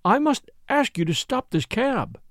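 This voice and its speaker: A woman's voice: a little high, sing-song, unhurried, no echo, studio quality, pitched above the performer's own voice. A man voicing a proud young woman who speaks firmly and insistently. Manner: firm, clipped and insistent.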